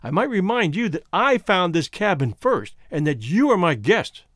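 A man voicing an unhurried, gently ironic man with a quiet menace in an audiobook story. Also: sits high, sing-song, no room sound, clean studio sound. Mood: calm.

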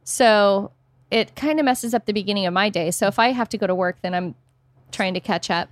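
A woman's voice: mid-range voice, brisk, no room sound. A middle-aged woman, a guest in a casual chat, telling stories with wry exasperation. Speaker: podcast guest.

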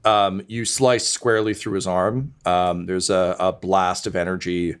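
Game master, male, low voice, loose joking narration full of "like" and "uh". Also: flat delivery, unhurried, smooth. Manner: loose, filler-heavy, joking.

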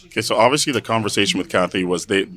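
A man's voice: lowish voice, sharp tone. A man hosting a radio food show, chatting and teasing his guests in a joking way. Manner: joking, teasing, quick-talking. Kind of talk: casual interview chat.

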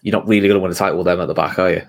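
Fast-talking man telling football stories. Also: sits low, gravelly. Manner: animated storytelling, acting out quotes. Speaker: podcast guest. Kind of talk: casual football chat.

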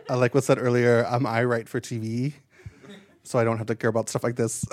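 A man's voice: medium pitch, fairly even intonation, unhurried, some chatter behind, a little hiss or hum. A man doing a stand-up comedy set on a live stage into a handheld mic, chatty and self-deprecating with lots of asides.

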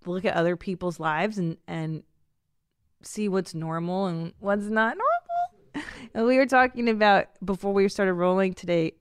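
A woman's voice: medium pitch, sing-song, measured pace, clean tone, no room sound, studio quality. A woman in her forties hosting a podcast, chatting casually and self-mockingly with frequent laughter. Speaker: podcast host. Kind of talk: casual comedic monologue.

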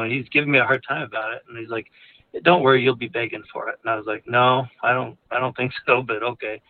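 A male caller telling a personal story frankly, in a candid, rambling way with chuckles between phrases. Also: mid-range voice. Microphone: phone call. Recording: tinny phone line.

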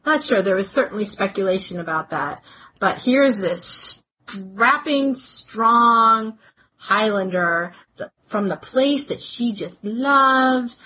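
A woman's voice: medium pitch, animated, sharp tone, slight background noise, poor audio. A woman co-hosting a podcast, chatting about history in a conversational, hedging way. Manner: conversational, hedging, quick to agree. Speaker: podcast co-host. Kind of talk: casual history chat.

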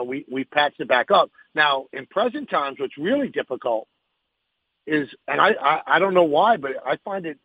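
A man's voice: a little high, breathy edge, no room sound, phone-quality sound. A man who hosts sports radio, answering interview questions frankly and emphatically, thinking aloud as he goes.

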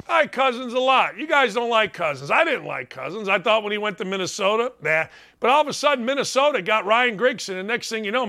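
A middle-aged man running a sports talk show, his voice pitched high and cutting with a sharp, bright edge. He talks in a brash, mocking way and keeps circling back to the same jabs. Opinionated sports talk from start to finish. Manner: brash and mocking, repeats punchlines.

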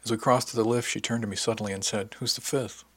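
A man narrating a first-person science fiction serial in a calm, even storytelling manner. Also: lowish voice, rapid-fire, no room sound. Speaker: narrator and podcast host.

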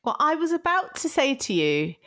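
A woman's voice: sits high, very animated, normal speed, a bit bright. Chatty woman podcast co-host. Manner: laughs often, acts out apologetic quotes. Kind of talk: casual chat.

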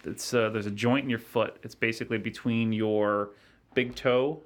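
A man guest on a podcast telling a personal story in a halting, earnest way, with many restarts. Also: on the low side, steady tone. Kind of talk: casual storytelling.

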